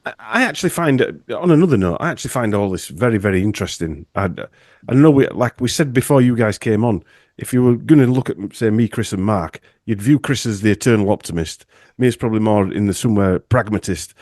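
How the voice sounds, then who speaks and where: A wry man joking through a podcast roundtable. His voice sits a bit low and sounds dry and close. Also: animated, fast, a little mellow, no room sound. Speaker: podcast co-host. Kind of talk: casual roundtable chat.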